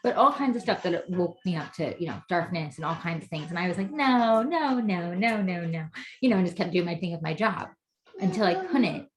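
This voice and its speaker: A woman in her thirties speaks casually, her voice sitting a little low. She rambles through her thoughts and scatters "you know" everywhere. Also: expressive, a little fast, a crowd in the background. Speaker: guest mother. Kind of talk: casual conversation.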